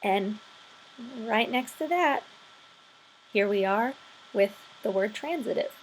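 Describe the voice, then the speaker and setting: A woman's voice: a little high, lively intonation, slow pace, slight background noise. A woman teaching English vocabulary and grammar in a screen-recorded tutorial, explaining patiently step by step.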